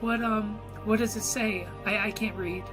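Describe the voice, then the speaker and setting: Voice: medium pitch, steady tone, a little slow, voice pushed up, natural voice. A game master voicing a frightened little orphan boy who stammers and pleads, with music behind.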